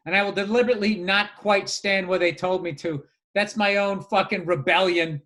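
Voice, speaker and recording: Bright, high-voiced swearing man. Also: brisk, few pauses. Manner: profane, rambling, animated. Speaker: podcast co-host. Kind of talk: casual podcast chat.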